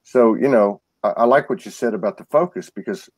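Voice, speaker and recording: A man with a lowish voice, recorded close and dry, talks as a guest in a casual spiritual conversation. He stumbles through restarts and repeated words while telling his stories earnestly. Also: a little fast, breathy edge, dry recording. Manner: earnest storytelling.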